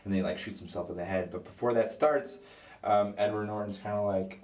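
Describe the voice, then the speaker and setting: A drunk man retelling a film in a rambling, halting way, full of filler words. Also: fairly low pitch, steady tone, a little mellow, distant mic. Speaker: comic film recapper.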